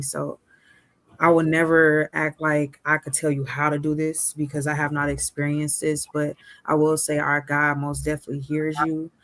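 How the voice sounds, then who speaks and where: Guest reading scripture, mid pitch, monotone, dry recording, calm encouragement. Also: no room sound. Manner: gentle, faith-filled encouragement. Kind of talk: sharing scripture in conversation.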